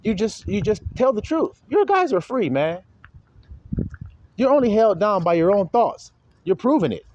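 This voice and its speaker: Animated, slangy male preacher. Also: normal speed, muffled recording, background noise. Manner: animated, slangy, often laughing, swings between low and high. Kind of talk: informal sermon to followers.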